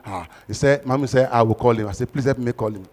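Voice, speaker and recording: A man with a Nigerian accent, a pastor who preaches with stories and then leads loud, fast prayer. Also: medium pitch, in a large hall. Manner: tells a story, then prays loudly and fast in bursts. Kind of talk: sermon with storytelling and loud prayer.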